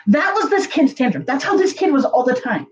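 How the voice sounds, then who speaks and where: A woman telling a story to her viewers in a casual, chatty way, full of fillers and lively jumps in pitch. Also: a little fast, highs cut off. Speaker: channel host.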